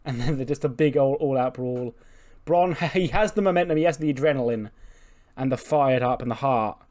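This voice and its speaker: A man's voice: mid-range voice, normal speed, darkish tone. Chatty man recapping a wrestling sim. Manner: chatty, laughing, recaps results. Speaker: game playthrough host. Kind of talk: casual commentary on a wrestling sim.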